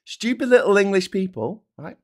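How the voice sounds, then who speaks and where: A man delivering a profane, sardonic political rant. His voice is fairly high and swings widely in pitch. He jabs at his targets with mocking asides. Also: expressive, moderate pace, a little mellow. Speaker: political commentary vlogger. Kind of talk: ranting political commentary.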